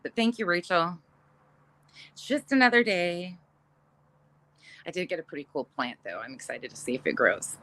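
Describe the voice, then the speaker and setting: A middle-aged woman talks in a low but bright, forceful voice, chatting casually with viewers on a livestream. She laughs often and swears without a second thought, her talk loose and unscripted. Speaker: livestream host reading viewer comments. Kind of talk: casual chat.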